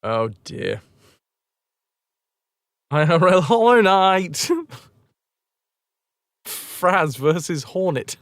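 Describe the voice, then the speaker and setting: Animated, swearing British man streaming at home. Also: fairly high pitch, very slow, pauses often, no room sound, studio quality. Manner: animated, joking, swears freely. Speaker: game streamer. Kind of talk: casual livestream chat.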